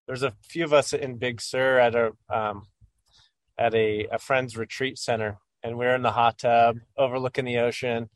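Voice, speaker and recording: A man's voice: medium pitch, steady tone, normal speed, no echo. A male guest on a talk radio show, casually sharing a personal story.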